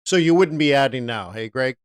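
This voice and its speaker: A man's voice: mid-range voice, lively intonation, brisk, clean tone, no echo. A man teaching forex trading on a live stream, talking casually and answering viewers by name.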